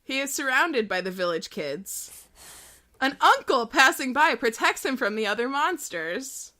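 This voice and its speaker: A woman's voice: high voice, very animated, a little slow, pushed and bright. A woman co-hosting a podcast, chatting casually, rambling and giggling as she reads aloud. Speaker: podcast co-host. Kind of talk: casual chat.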